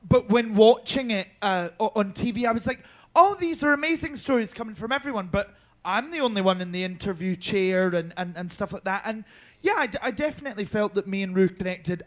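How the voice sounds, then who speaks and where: A young Scottish man with a high, fairly bright voice tells a rambling backstage story as a panelist at a viewing party. He's a drag performer, and his casual anecdote is chatty and full of swearing, ums, and restarts.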